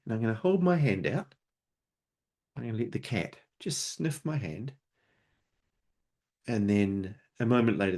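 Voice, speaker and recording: A man with a somewhat low voice presents an unscripted webinar. He talks conversationally and explains his points through homely analogies and little stories. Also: darkish tone, slightly rough.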